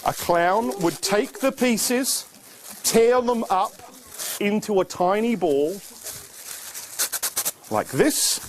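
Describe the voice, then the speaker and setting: A man performing a live children's magic show, teaching tricks and coaxing young helpers in a playful, animated way. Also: sits high, a little hiss or hum.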